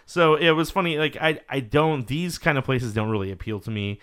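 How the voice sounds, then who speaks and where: Hombre animado que cuenta anécdotas. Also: male voice, mid-range voice, fairly quick, clean tone. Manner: animated storyteller, swears freely, acts out quotes. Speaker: podcast host. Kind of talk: casual chat.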